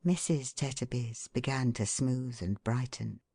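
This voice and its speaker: Woman reading an audiobook, really low voice, steady measured pace, dry sound. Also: no room sound. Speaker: audiobook narrator. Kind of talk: scripted audiobook narration.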